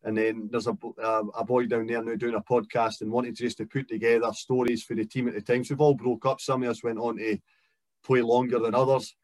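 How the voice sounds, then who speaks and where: A man's voice: mid-range voice, level tone, brisk, dry recording. A Scottish man in his thirties, a guest footballer talking in a casual chat, reflective and careful with many fillers. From Scotland.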